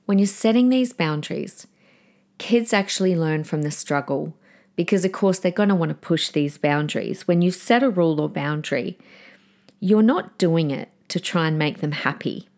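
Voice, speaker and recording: A middle-aged woman talks through parenting tips on her podcast, her voice sitting fairly low. She is earnest and direct, and slips into a calm, firm tone when she acts out what she tells her kids. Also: normal speed. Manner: warm, earnest, gives numbered tips and acts out calm firm lines to children. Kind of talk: solo podcast advice talk.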